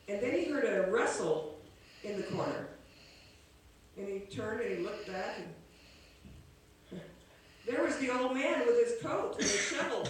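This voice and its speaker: A woman telling a classic story aloud, unhurried and homespun, sometimes restarting a phrase. Her voice carries through a very echoey room from a mic set well back. A faint ambience hums underneath. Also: medium pitch, far from the mic, slight background noise. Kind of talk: oral storytelling of a classic tale.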